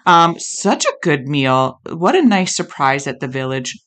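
A woman's voice: low voice, sing-song, measured pace, a bit bright. A woman co-hosting a podcast in casual chat, playful and enthusiastic, teasing her co-host.

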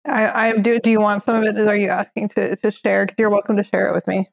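A woman's voice: medium pitch, flat delivery, quick pace, vocal fry, dry recording, dull audio. A woman chatting playfully on a podcast. She stumbles over her words a bit. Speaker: podcast guest. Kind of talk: casual chat.

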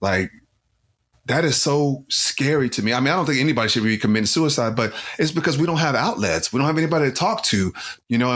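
A man's voice: mid-range voice, a bit bright. A man who co-hosts a podcast and works as a life coach, talking earnestly and from the heart in a casual chat, with lots of filler words.

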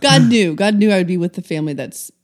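A woman co-hosting a podcast in casual chat, calm and measured. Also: lowish voice. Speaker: podcast co-host.

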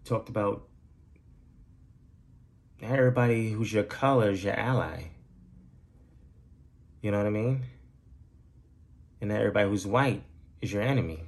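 His voice runs on the low side, at normal speed with long pauses, as this man riffs alone on his home-recorded podcast. The monologue is loose, profane, and meandering, and he laughs at his own jokes.

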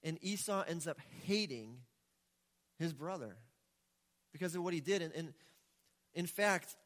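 A male pastor with a high voice tells his story in a loose, chatty preaching style and often acts out the characters. His voice rings out through a large hall with a long, trailing reverb. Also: a little slow. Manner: conversational, animated storytelling. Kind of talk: sermon.

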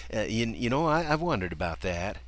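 An older man telling a personal childhood story in a folksy way, chuckling often as he talks. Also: a little fast. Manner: folksy, chuckling often, lively swings in pitch.

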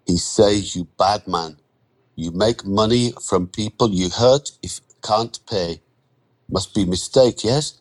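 A man reading a story and voicing an anxious male newcomer who stammers in halting broken English. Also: on the low side. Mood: worried.

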